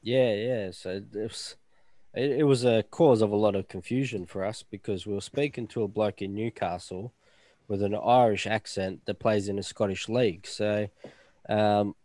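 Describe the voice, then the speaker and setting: A man's voice: on the low side, normal speed, warm tone, no echo. A man with an Australian accent co-hosting a podcast, talking in a blokey, slangy way with casual swearing. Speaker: podcast co-host. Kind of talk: casual chat.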